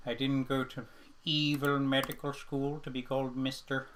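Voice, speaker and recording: A man putting on the voice of a pompous middle-aged male movie supervillain, slow and haughty in delivery. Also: mid-range voice, level tone, fairly bright tone, slight background noise, lightly acted.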